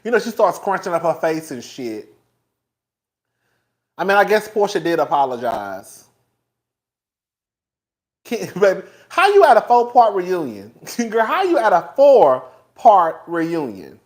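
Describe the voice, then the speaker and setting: A man's voice: high-pitched, a little slow, pauses often. A man hosting a casual live-stream commentary, chatty and profane, laughing often and talking straight to his viewers. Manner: animated, profane, laughs often between remarks; chatty, talks straight to viewers as "girl" and "y'all". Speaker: host.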